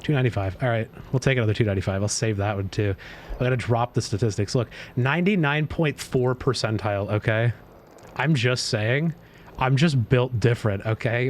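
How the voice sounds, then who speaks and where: A man streaming live, chatting casually while gaming, boastful and excitable, swearing freely. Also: mid-range voice, a little hiss or hum.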